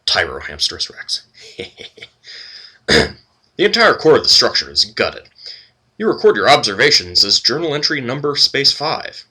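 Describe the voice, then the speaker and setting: Husky, bright-voiced man narrating a game. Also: medium pitch, sing-song, moderate pace. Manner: reads game text aloud with wry, playful asides. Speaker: let's play host.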